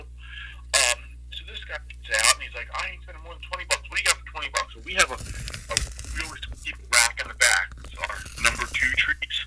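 A man's voice: mid-range voice, a little hiss or hum, low-quality recording. A man telling a long, profane story in casual talk, acting out the people in it as he goes. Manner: profane, animated anecdote with quoted voices.

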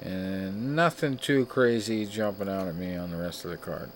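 A man hosting a casual show, reading off records in a laid-back, joking way with frequent filler pauses. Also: deep voice, a little hiss or hum. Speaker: podcast host. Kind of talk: casual chat.

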